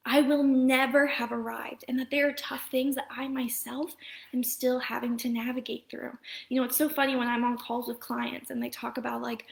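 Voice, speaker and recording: Earnest pregnant woman, gravelly high voice. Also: little pitch movement, brisk. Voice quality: drops into soft whispery voice often. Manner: earnest, rambling, lots of fillers and restarts. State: heavily pregnant. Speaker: mom coach. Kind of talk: Facebook Live talk to viewers.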